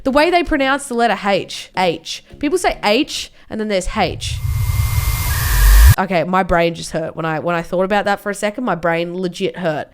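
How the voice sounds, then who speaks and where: Young Australian woman, comic YouTuber: high, very animated delivery with mock-defensive outbursts. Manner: animated, mock-defensive, swings from loud outbursts to mumbled asides. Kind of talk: comedic vlog commentary.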